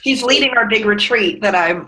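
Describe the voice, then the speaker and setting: A company founder in middle age speaks fairly quickly at a medium pitch, captured on a rough recording. Telling stories in a conversational interview, she is earnest and expressive and tears up along the way.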